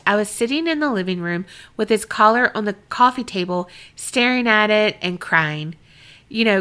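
Woman, bright tense voice, podcast co-host, animated, self-deprecating, casual chat. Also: mid-range voice. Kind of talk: casual chat, reading listener emails.

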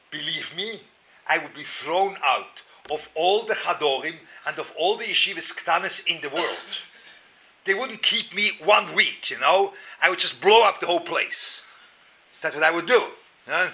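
Animated man, bright voice. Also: on the high side, moderate pace, breathy edge. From Switzerland. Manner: animated, self-mocking, repeats words, sudden loud outbursts. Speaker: Torah class lecturer. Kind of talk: personal storytelling lecture.

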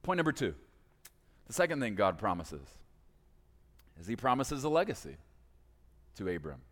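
A man, a pastor, preaching a sermon in a church, with lively, playful storytelling and casual asides. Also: on the low side, moderate pace. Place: church sanctuary. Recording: echoey hall reverb.

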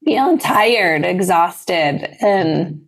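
A woman's voice: on the low side, animated, extremely slow, breathy edge. A woman co-hosting a podcast and running its social media, chatting in a friendly, bubbly, casual way.

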